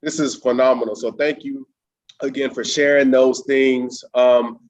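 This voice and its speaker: A man's voice: mid-range voice, flat delivery, measured pace. A man hosting an interview, enthusiastic and encouraging toward his guest. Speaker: interview host. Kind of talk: conversational interview.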